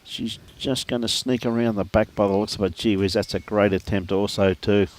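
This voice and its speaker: A chatty Australian man commentates a lawn bowls match from beside the green, his voice sitting low. He keeps breaking off to laugh and to greet viewers by name in an easygoing live sports commentary style. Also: fairly even intonation, normal speed, a little hiss or hum.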